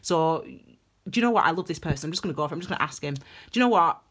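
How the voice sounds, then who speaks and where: A woman's voice: low-pitched, expressive, very fast, fairly bright tone, slightly rough. A woman giving a casual tarot reading, chatty and rambling, laughing often. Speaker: tarot reader.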